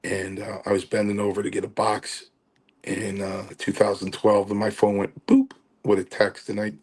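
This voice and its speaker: A man's voice: lowish voice, normal speed, breathy edge. A middle-aged man, a podcast guest, animatedly telling stories and acting out quotes. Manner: animated storyteller, acts out quotes. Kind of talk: storytelling interview.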